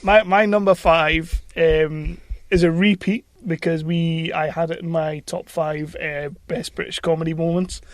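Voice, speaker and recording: A man co-hosting a casual film podcast in a small studio. He speaks a little high, dry and close to the mic. He sounds keen, laughs a lot and swears freely. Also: flat delivery, unhurried, few pauses, dry recording. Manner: enthusiastic, laughs often, sweary. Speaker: podcast co-host.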